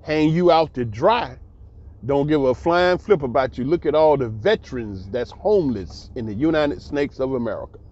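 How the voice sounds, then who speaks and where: A man's voice: mid-range voice, lively intonation, moderate pace, darkish tone. Blunt, emphatic man ranting on a lo-fi recording. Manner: emphatic, repetitive, blunt and profane. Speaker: commentator. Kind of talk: casual monologue commentary. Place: abroad.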